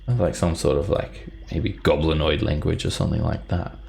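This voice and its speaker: A man narrating as game master of a tabletop game, describing the scene in an unhurried way with fillers. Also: extremely low pitch, steady tone, vocal fry, darkish tone, slight background noise, rough recording.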